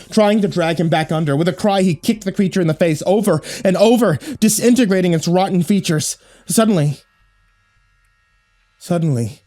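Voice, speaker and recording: A man narrating a horror story in a low, hushed, dramatic way.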